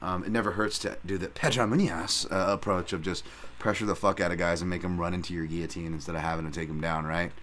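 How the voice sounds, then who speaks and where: A man hosting a solo podcast who talks in rambling, profane, animated rants. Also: sits low, fast. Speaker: podcast host and fight analyst.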